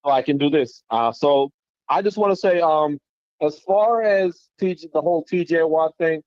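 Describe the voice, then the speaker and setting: A man's voice: on the high side, moderate pace, a little mellow, no echo. A man calling into a sports show, polite and hesitant with many fillers. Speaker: caller, teacher. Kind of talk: call-in opinion. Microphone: phone line. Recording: dull phone-line audio.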